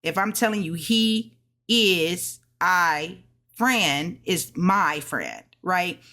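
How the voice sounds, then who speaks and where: A woman casually explaining her study notes, sounding out words slowly and correcting herself. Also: on the low side, animated, sharp tone. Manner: thinks aloud, self-correcting, sounds out tones slowly. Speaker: language learner sharing study notes. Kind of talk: casual study vlog lesson.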